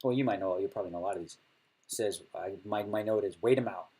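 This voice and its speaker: While streaming poker, a middle-aged man keeps up casual chatter in a husky, dark, lowish voice, talking fast. He laughs a lot and imitates what the other players say at the table.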